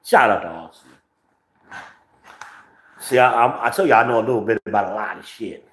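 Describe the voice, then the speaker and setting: A man's voice: lowish voice, animated, a little fast, echoey room. A man from New Jersey with a New Jersey accent, hosting his podcast in brash, profane, rambling talk, recorded on a phone with no microphone. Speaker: podcast host. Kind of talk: profane livestream commentary.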